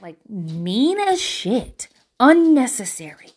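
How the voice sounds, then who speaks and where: Speaking slowly in a high-pitched voice, this thirties-something vlogger offers life advice from home, talking casually to camera. She tells stories with animation and swearing, performing different voices along the way.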